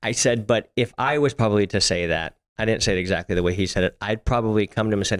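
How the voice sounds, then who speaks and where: A man's voice: fairly low pitch, fast talker. A middle-aged man co-hosting a podcast, talking bluntly, swearing freely and often restarting his sentences. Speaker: podcast co-host. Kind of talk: casual podcast chat.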